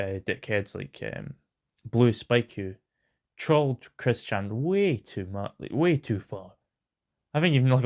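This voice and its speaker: A man's voice: medium pitch, a little mellow. Rambling, sweary British man. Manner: rambling and sweary, full of ums. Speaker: host. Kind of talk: casual news rant.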